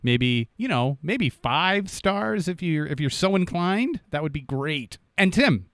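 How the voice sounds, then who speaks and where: A man's voice: fairly high pitch, lively intonation, takes it slowly, fairly bright tone, no echo, studio quality. A man co-hosting a podcast, bantering in a playful, upbeat and jokey way. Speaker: podcast co-host.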